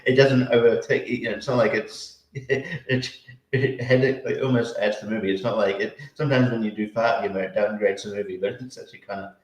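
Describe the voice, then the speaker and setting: A man's voice: fairly low pitch, fairly even intonation, a little fast. A man on a movie podcast, chatting casually and chuckling between his remarks. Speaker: podcast panelist. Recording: roomy echo.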